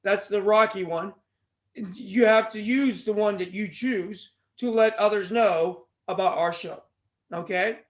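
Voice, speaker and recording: Brief: male podcast host, high voice, loose rambling monologue full of jokes and tangents. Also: a little slow. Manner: jokey, goes off on tangents, plugs the show.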